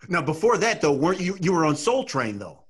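A man interviewing a guest, asking questions in a soft-spoken, affirming way. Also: on the high side, very animated, fairly quick, husky.

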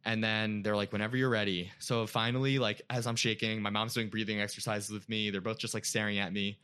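A man's voice: fairly low pitch, flat delivery, a little fast, pushed and bright, smooth. A young man, a podcast guest, telling an emotional personal story in casual chat, full of filler words.

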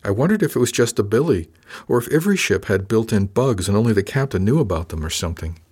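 Low-voiced man narrating, measured and dry. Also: very animated, darkish tone, husky. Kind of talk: scripted first-person audiobook narration.

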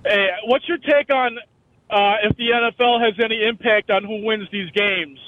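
Teasing high-voiced phone caller. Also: male voice, moderate pace, no echo. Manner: teasing, direct. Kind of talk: phone-in call. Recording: tinny phone line.

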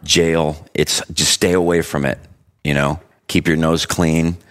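A man in casual chat, telling stories with frequent laughter and quick impressions of the people he describes. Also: extremely low pitch, level tone, a bit bright. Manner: storytelling, laughs often, imitates people he quotes.

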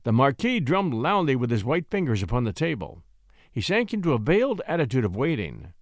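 A man narrating a classic short story in an expressive, measured reading. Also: medium pitch, dry recording, clean studio sound.

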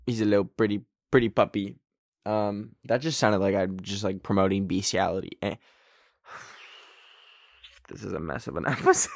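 A man hosts a casual solo podcast from a darkened bedroom. He rambles and mocks himself, and his pitch jumps up without warning. The sound is dry and close, with no room echo. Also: big pitch swings, a little slow, creaky, long pauses, fairly bright tone. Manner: rambling, self-mocking, with sudden jumps in pitch. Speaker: podcast host.

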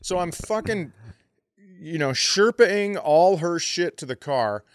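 A man's voice: high-pitched, slow pace, clear, resonant tone, dry recording. A middle-aged man co-hosting a podcast, telling a story casually, with profanity and quoted voices. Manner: animated, profane, acts out quotes in raised voice. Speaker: podcast co-host.

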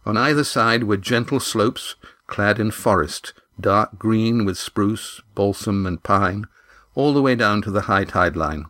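Low-voiced man narrating a novel. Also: measured pace, a bit bright, no room sound. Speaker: audiobook narrator. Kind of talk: scripted narration of an adventure novel.

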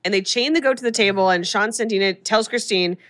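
A woman hosting a casual podcast chat, retelling a horror movie plot with animated storytelling and acted-out lines. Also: medium pitch, fast talker. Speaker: podcast host recapping a film.

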